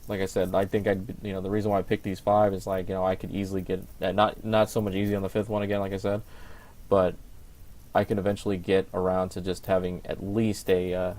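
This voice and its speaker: A man's voice: sits low, flat delivery, fast talker, a little mellow. A young man co-hosting a podcast in casual chat, rambling with lots of fillers and restarts. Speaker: podcast co-host.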